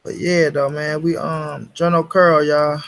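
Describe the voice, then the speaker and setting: A man's voice: fairly high pitch, little pitch movement, unhurried, vocal fry, fairly bright tone. A young man hosting a casual livestream, talking straight to his chat in slangy, profane street talk. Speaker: livestream host.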